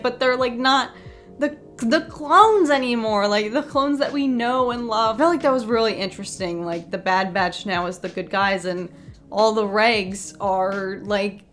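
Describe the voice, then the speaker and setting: A woman giving a chatty, unscripted episode review in a tired late-night voice, gushing and saying "like" a lot. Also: mid-range voice. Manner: chatty and gushing, with many filler "like"s.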